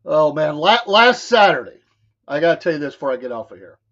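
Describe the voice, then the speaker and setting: A man's voice: fairly high pitch, sing-song, quick pace, a bit bright. Laughing Southern man telling stories. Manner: laughing storyteller, quoting others in voices. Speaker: show co-host. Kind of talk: casual chat. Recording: dull lo-fi sound.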